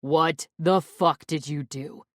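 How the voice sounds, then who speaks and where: A woman voicing a furious young male athlete who shouts and seethes with rage. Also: low-pitched, slow, no room sound, clean studio sound. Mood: enraged.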